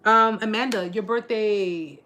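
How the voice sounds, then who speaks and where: A woman's voice: mid-range voice, a little slow, sharp tone, a little hiss or hum. A woman in her forties hosting a casual live-stream chat, bubbly and joking, laughing often. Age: 40s.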